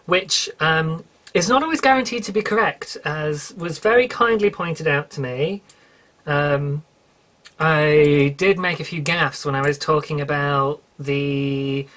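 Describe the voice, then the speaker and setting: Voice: medium pitch, slow, fairly bright tone. British solo podcaster, chatty, rambling, self-correcting. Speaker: podcast host. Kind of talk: casual solo podcast chat.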